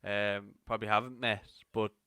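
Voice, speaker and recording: An Irish man co-hosting a live football watch-along, chatting casually and telling animated anecdotes. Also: lowish voice, moderate pace, clean tone, no echo, clean studio sound. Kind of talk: casual chat.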